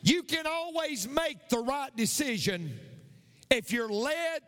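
A man's voice: very high voice, animated, takes it slowly, fairly bright tone, long reverb tail. A male pastor preaching a sermon, repeating his points with emphasis.

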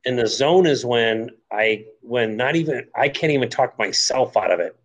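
A man's voice: mid-range voice, lively intonation, normal speed, low-quality recording. An older man, a veteran guest on a podcast, speaking bluntly and folksily in casual chat. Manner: blunt, folksy, calls the host dude and man.

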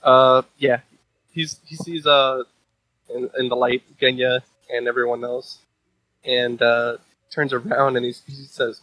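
A man's voice: mid-range voice, level tone, a little slow, fairly bright tone, no room sound, poor audio. A man recapping a manga chapter in casual chat, rambling with fillers and restarts, swearing and laughing at the story.

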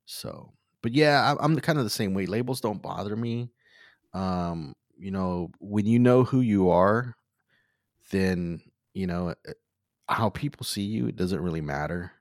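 A man hosting a podcast, talking in a casual, thoughtful way with many pauses and fillers. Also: sits low, dry recording, studio quality. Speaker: podcast host. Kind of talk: casual conversation.

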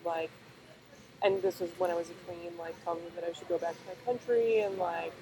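A young woman chatting casually, rambling and filling her talk with pauses and fillers. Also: on the low side, fairly even intonation, mellow. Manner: rambling, filler-heavy storytelling. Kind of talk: casual chat. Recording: noisy background.

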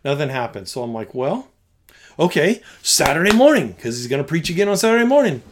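A man with a somewhat raised voice tells a story in conversation, as a youth pastor. He acts out his own past thoughts and lines. His delivery is animated, going from loud bursts down to near-hushed tones. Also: on the high side, a little fast, noisy background.

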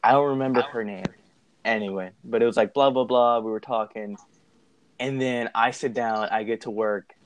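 Young guy chatting with friends, swears a lot, laughs loud, super animated telling his story. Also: mid-range voice, normal speed, slight background noise. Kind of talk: casual chat, storytelling.

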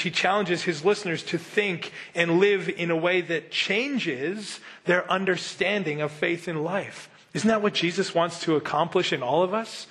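A man preaching a sermon with a somewhat high-pitched voice. As a middle-aged pastor, he keeps an easy, conversational tone and often turns to the listeners with rhetorical questions. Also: fairly bright tone.

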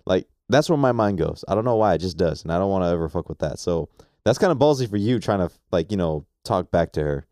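Laid-back, slangy low-voiced man. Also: animated, fast, a little mellow, no echo, clean studio sound. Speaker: podcast co-host. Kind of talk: casual chat.

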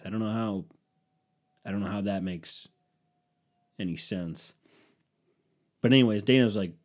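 A man casually telling a profane, sarcastic story and acting out what others said in quick impressions. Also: low-pitched, fairly even intonation, darkish tone. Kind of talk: casual storytelling with acted-out quotes.

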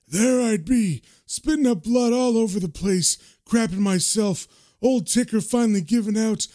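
A man voicing a cheeky, crude old male hospital patient who tells his stories in a raised, lively way. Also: sits high, moderate pace, pitched above the performer's own voice, lightly acted. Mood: joking.

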